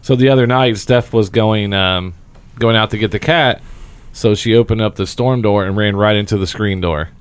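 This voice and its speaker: Low-voiced, laid-back giggly man. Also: moderate pace, smooth, dry recording. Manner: laid-back, giggly storyteller who drops slang. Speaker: podcast co-host. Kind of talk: casual chat.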